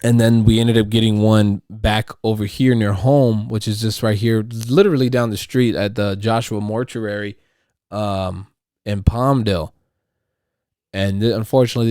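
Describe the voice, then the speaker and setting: A man's voice: lowish voice, clear, resonant tone, dry recording. Guy ranting on his own podcast at home, swears a lot, goes in circles, dead dry sound. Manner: profane, rambling, repeats and restarts; riled up and loud when ranting. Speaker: podcast host. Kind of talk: casual monologue. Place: at home, household noise nearby.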